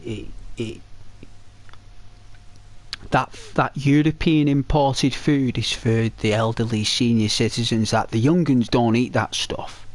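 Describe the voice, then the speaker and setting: A man's voice: medium pitch, no echo. Rambling man chatting while gaming. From Britain. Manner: rambling, chatty, many restarts and fillers. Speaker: gaming streamer. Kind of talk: casual chat to viewers while playing.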